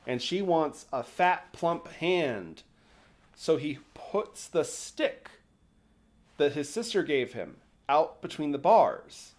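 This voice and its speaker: A man's voice: a little high, expressive, slow. A man hosting a livestream, retelling a folk tale casually with sarcastic, mocking asides and casual swearing. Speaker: host.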